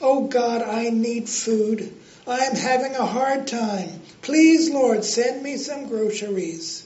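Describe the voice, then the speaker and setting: A narrator voicing an elderly, devout woman who is bold and joyful, drawing out her exclamations slowly, in a roomy, dull recording. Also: medium pitch, darkish tone, voice pushed up, lightly acted. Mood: pleading. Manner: slow, drawn-out exclamations.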